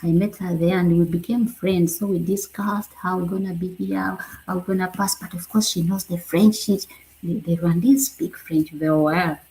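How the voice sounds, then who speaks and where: Ugandan woman with a low, mellow voice. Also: normal speed, a little hiss or hum, poor audio. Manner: animated, laughs often, drops in French phrases. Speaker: vlogger. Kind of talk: casual personal storytelling.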